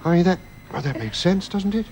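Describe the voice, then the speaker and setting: An actor playing a gentle, anxious middle-aged father who soothes with hesitant restarts in a radio drama. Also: high-pitched, expressive, fairly quick, a little hiss or hum. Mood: soothing.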